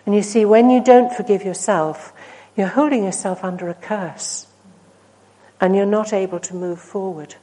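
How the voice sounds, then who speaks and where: A woman's voice: medium pitch, steady tone, normal speed, poor audio. Earnest woman preaching a sermon. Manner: earnest, rising to emphatic then dropping to hushed.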